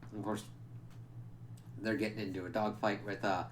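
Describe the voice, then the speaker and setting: A man's voice: lowish voice, little pitch movement, normal speed, a little hiss or hum. A man giving a casual, spoiler-filled comic book review, rambling along with lots of "like" and "kinda" fillers and casual swearing.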